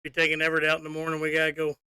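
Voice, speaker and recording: Bright-voiced laughing podcast man. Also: on the high side, very fast, clean tone, dry recording, clean studio sound. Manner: laughs often, swears, relaxed hunting talk. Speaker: podcast co-host. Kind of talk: casual chat.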